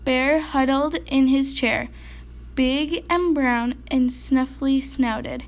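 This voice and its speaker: Slow, high-voiced woman reading a storybook. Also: steady tone. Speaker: storybook reader. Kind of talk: reading a children's picture book aloud.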